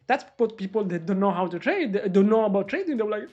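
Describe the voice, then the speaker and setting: A woman day trader live-streaming her trades, talking excitably to viewers and swearing freely. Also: medium pitch, brisk, muffled recording. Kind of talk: live-stream trading commentary.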